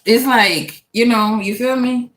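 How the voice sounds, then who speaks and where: A woman from Louisiana, telling a personal story in a casual, animated and profane way, laughing often. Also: a little high, slow pace, a little hiss or hum. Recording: echoey room.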